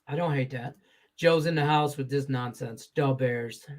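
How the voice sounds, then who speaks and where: A man's voice: medium pitch, normal speed. A man hosting a sports betting show in casual, profane, rambling chat, laughing easily.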